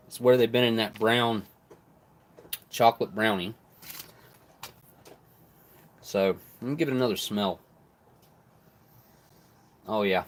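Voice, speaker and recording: A man with a mid-range voice speaks unhurriedly and pauses often as he tastes old military rations on a live stream. He stays relaxed and chatty, eating and talking through mouthfuls.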